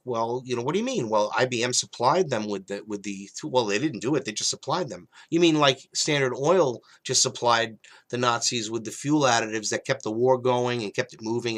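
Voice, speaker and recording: A man hosting a talk show, delivering a rambling monologue with a mocking edge, swinging between loud emphatic bursts and low mutters. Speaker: show host.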